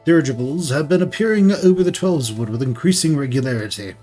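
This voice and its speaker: A man reading a formal, worried gentleman. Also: fairly high pitch, expressive, fast talker, faint music behind. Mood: concerned. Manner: stiff, archaic, courteous phrasing.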